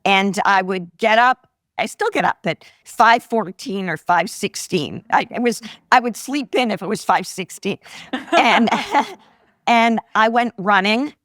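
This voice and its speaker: A woman's voice: medium pitch, unhurried, no room sound, clean studio sound. A woman in her sixties, an investor guest telling personal stories in a live podcast interview, acting out the voices she quotes. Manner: animated anecdotes, acts out quoted voices. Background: live audience laughter.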